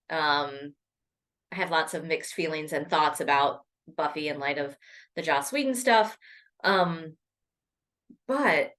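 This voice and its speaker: A woman's voice: fairly low pitch, a bit bright. A woman rambling casually to her laptop camera, full of ums and restarts. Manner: chatty, rambling, many ums. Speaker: poetry vlogger. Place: home room at a laptop. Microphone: laptop mic.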